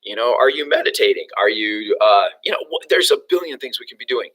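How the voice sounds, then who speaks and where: A young man giving an energetic motivational training talk to real estate agents, with many fillers and restarts. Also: on the low side, fairly quick, rough recording.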